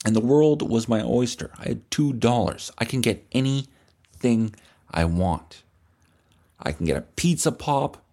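A man hosting a comedy podcast, telling a crude, deadpan, rambling comic story. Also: on the low side.

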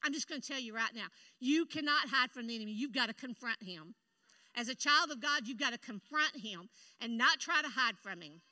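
Bright, animated woman preaching. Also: fairly high pitch. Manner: animated, emphatic, with bursts of laughter and quick asides. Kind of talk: sermon. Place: church sanctuary.

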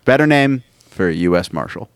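A man hosting a podcast in casual chat, an animated storyteller who drops into quick voices for the people he quotes. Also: low voice, clean tone, dry recording. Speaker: podcast host.

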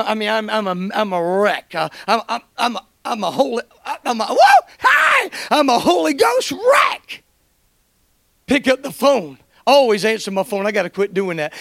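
A middle-aged man, preaching an animated testimony, shouting praise and quoting conversations. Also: high voice, creaky, dry recording. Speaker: guest preacher. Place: church.

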